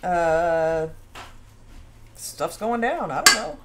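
A woman's voice: fairly high pitch, sing-song, normal speed, heavy background noise. A woman hosting a casual home baking live stream, chatting and reading out viewer comments. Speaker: baking show host. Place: home kitchen.

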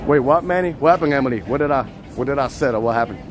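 A man's voice: medium pitch, expressive, very fast, background noise. A man hosting a casual live street vlog from a busy city street outdoors, chatty and laughing often as he reads out the chat. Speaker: livestream host.

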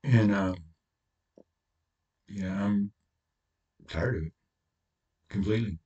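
Male channel host, combative profane ranter, lowish husky voice. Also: slow, warm tone, far from the mic, lo-fi sound. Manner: profane, blunt, confrontational. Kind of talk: angry solo rant to camera.

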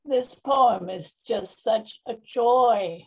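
A woman shares her enthusiasm for a poem in a group discussion. Her voice is somewhat high and breathy, and her pace is slow. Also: darkish tone, low-quality recording. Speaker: discussion participant.

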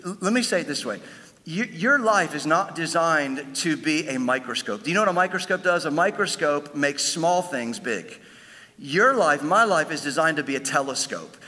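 A man preaching a sermon as pastor, building to emphatic peaks and dropping low for asides. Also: expressive, moderate pace, big-room sound. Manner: emphatic preaching, swells louder on key lines, drops low for asides.

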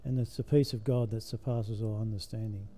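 A man's voice: on the low side, steady tone, brisk, mellow. An older man preaching a sermon in a church, emphatic, his voice rising and falling with the message.

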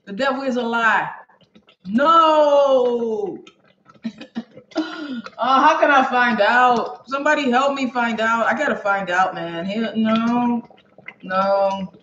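A woman's voice: a little high, slow pace, a bit bright, a little hiss or hum. A woman hosting a cooking livestream, chatting casually and exclamatorily with her viewers as she cooks in her home kitchen. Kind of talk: casual chat while cooking and reading viewer comments. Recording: echoey room, dull lo-fi sound.

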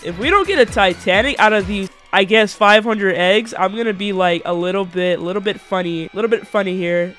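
High bright-voiced young gamer guy. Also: brisk, few pauses, soft background music. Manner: excitable, shouts and laughs at big wins; casual slang, stammers and repeats himself. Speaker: gaming YouTuber. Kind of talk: excited gameplay commentary.

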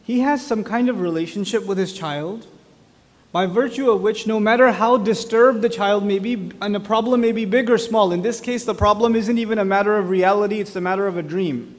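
A man giving an animated religious talk, telling stories and putting questions straight to his audience. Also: sits high, fairly quick, in a large hall. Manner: animated storyteller, addresses the audience directly with questions. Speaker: speaker at an Islamic lecture. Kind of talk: lively conversational religious talk.

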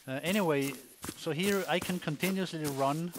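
A man's voice: fairly high pitch, moderate pace, noisy background. A man casually commenting on a hunting video game as he plays, thinking aloud with wry asides. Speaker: gamer, let's play host.

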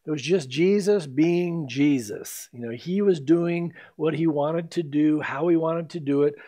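A man preaching an expository sermon as pastor, telling the story with animated energy and acting out the quoted lines. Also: on the high side, a little slow. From United States.

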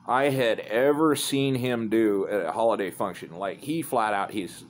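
A man's voice: lowish voice, moderate pace, slight background noise. Profane man telling a rambling story. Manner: profane, rambling, laid-back. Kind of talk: casual storytelling.

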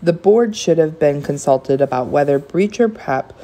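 A woman reading aloud voices an indignant, sharp-tongued mother, raising her voice with heat. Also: deep voice, animated, moderate pace. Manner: raised, heated delivery.

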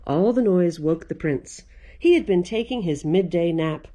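A woman's voice: lowish voice, animated, measured pace, mellow, a little hiss or hum. A woman librarian reading a picture book aloud to children, playful and laughing often.

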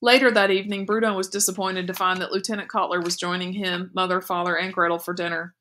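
A woman teacher reads a novel aloud in a clear, steady storytelling manner. Her voice is bright and crisp. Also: on the low side, quick pace.

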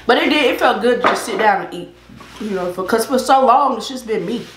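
A woman's voice: on the high side, lively intonation, fairly quick, reverberant, background noise. A woman hosting an eating show, chatting casually and loosely as she eats, often repeating herself. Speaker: mukbang vlogger, host. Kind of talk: casual chat while eating. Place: indoors at her eating setup.

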